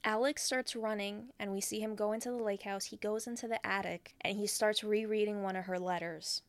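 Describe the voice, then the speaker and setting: A woman's voice: mid-range voice, clear, resonant tone, no echo. A young woman co-hosting a casual podcast, steadily retelling a film's plot and acting out bits of dialogue. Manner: steady storyteller, acts out lines in quick voices. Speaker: podcast co-host recapping a film.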